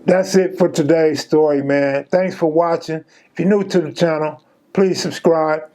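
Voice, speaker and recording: A man's voice: a little high, fairly even intonation, moderate pace, mellow. Laid-back slangy man telling stories. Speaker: channel host and storyteller. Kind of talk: casual true-story storytelling.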